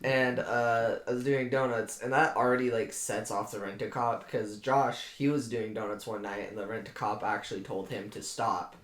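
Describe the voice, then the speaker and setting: This is a young man in a loose chat with friends, spinning a story full of swearing and sarcasm. His voice sits at an ordinary middle pitch. The room around him is noticeably echoey. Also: level tone, normal speed, hardly any pauses. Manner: sarcastic, swears a lot, laughs mid-story. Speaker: podcast co-host. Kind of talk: casual storytelling among friends. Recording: roomy echo.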